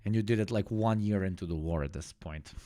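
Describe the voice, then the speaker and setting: A man's voice: low-pitched, brisk, mellow. Profane sarcastic male streamer. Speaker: livestream host. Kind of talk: casual stream commentary.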